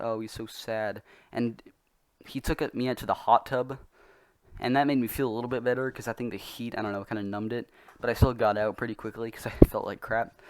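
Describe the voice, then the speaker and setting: A man's voice: medium pitch, dry recording. A young man telling a story in a casual, rambling, self-mocking way, often laughing as he goes. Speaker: vlogger.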